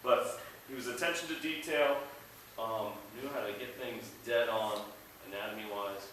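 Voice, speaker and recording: A man teaching an art class, playful, shouting mnemonic chants with his students. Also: lowish voice, moderate pace, a little hiss or hum. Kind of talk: classroom lecture. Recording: echoey classroom from a distance.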